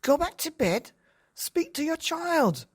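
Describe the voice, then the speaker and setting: A man voicing a fierce, bossy female Gruffalo mother who scolds and boasts, in a storybook tale. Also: medium pitch, lively intonation, normal speed, a little mellow. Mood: scolding.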